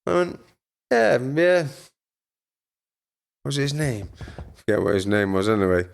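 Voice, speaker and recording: A man's voice: fairly low pitch, big pitch swings, fairly quick, vocal fry. A former boxer chatting as a podcast guest, telling crude, funny stories and laughing as he goes. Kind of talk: casual storytelling chat.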